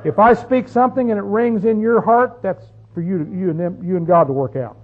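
A man's voice: high voice, brisk. A man preaching a sermon as pastor, folksy and conversational, often asking the congregation questions. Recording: tinny phone-like sound.

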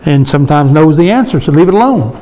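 A man's voice: on the high side, sing-song, fast, mellow, low-quality recording. A man in his sixties leading a casual Bible study discussion, emphatic and repeating his points for stress. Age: 60s.

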